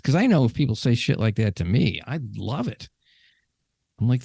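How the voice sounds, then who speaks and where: A man's voice: lowish voice, sing-song, normal speed, gravelly, a little mellow, no room sound. A man hosting a podcast in casual conversation, talking in a chatty, rambling way with frequent restarts. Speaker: podcast host.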